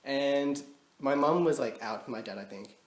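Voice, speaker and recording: A young man co-hosts a podcast, casually telling funny stories with lots of laughter and acting out quoted dialogue in an animated way. His mid-range voice moves at a normal speed, recorded in an echoey room with faint noise.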